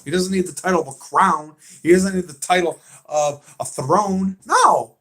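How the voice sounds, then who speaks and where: A man with a Southern accent hosting a livestream, chatting excitedly and emphatically with viewers, repeating his points. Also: high-pitched, normal speed. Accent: American Southern. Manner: excitable and emphatic, repeats himself, talks back to chat. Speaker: livestream host. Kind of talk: casual fan chat on a livestream.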